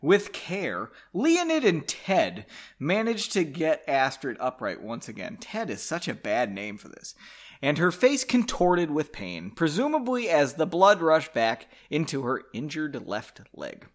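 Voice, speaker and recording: A man's voice: a little high, huge pitch swings, unhurried. A man hosting a podcast, reading his own novel aloud and drinking as he goes, breaking in with sarcastic, profane, self-mocking asides. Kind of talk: comic read-aloud with asides.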